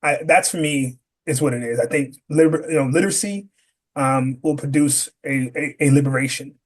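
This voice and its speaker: Animated man telling stories. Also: mid-range voice, normal speed, slightly rough. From Rochester, New York. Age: adult parent. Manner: animated, acts out quoted dialogue. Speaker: podcast guest. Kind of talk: conversational interview.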